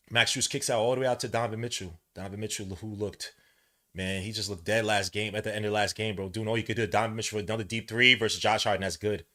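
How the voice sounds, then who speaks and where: New york guy doing live play-by-play for his podcast, lowish voice but bright and punchy, yells at big plays. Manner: excitable, shouts at plays, rambling asides. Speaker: podcast host doing a game watch-along. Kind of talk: casual live play-by-play and chat.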